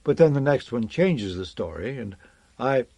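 A man voicing a thoughtful crewman who speaks haltingly, searching for words, in an audiobook read. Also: medium pitch, animated, vocal fry, mellow, no echo. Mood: unsettled.

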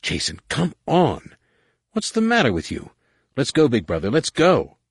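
A man's voice: medium pitch, wildly swooping pitch, unhurried, husky, dry recording, clean studio sound, pitched above the performer's own voice, exaggerated voice. Pushy little brother voice, raised and insistent, a guy putting it on for an audiobook. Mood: urgent coaxing. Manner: urgent, coaxing. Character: eager young man beckoning his older brother.

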